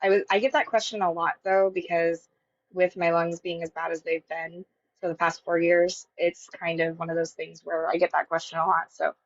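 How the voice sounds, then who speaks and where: Calm woman caller on dull audio. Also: on the low side, moderate pace, no room sound. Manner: calm, matter-of-fact, steady. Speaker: caller on a livestream. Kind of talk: casual chat. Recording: dull, dry call-in audio.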